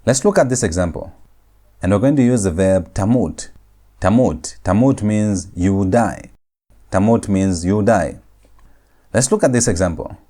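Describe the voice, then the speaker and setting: A man teaching a recorded grammar lecture, speaking slowly and deliberately and repeating words and phrases for emphasis. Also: lowish voice, dark tone.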